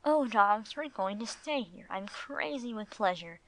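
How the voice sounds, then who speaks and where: A woman voicing Beanie, an excitable young male dog who talks eagerly, in a storybook reading. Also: mid-range voice, a little slow, no echo, close to an everyday voice. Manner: eager, enthusiastic.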